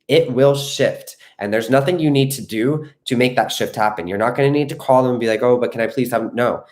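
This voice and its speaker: A man's voice: medium pitch, fairly quick. Earnest man coaching on a live stream. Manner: earnest, reassuring, repeats "okay?". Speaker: manifestation coach.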